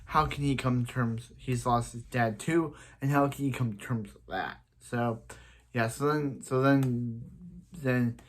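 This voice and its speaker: A man in a reaction video talks through an episode he just watched. His recap rambles and loops back on itself, with frequent restarts and filler words between points. His pitch sits in an ordinary middle range. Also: a little slow. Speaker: show reviewer.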